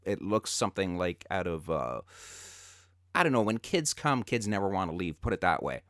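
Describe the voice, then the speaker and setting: A man hosts a casual interview, gushing like a fan and tripping over fillers. His voice is very deep, and the sound is dry and close with no room. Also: sing-song, moderate pace, fairly bright tone, no room sound. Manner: enthusiastic fan, hesitant fillers. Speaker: interview host.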